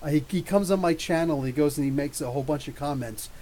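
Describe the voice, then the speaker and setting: A middle-aged man hosting a live question-and-answer podcast, ranting in an animated, profane, mocking way. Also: fairly high pitch, fast talker, a little hiss or hum, low-quality recording. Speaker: podcast host. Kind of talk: live Q&A rant.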